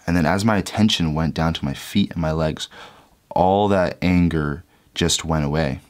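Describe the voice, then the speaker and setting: Very deep-voiced young man telling a story. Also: moderate pace. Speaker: vlogger. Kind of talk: reflective storytelling.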